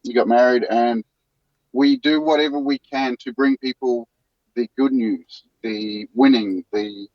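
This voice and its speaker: A man's voice: mid-range voice, fairly even intonation, no echo, muffled recording. A man with a New Zealand accent, a guest talking earnestly from a van. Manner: earnest, halting with restarts. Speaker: guest, news show co-host. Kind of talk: casual interview talk.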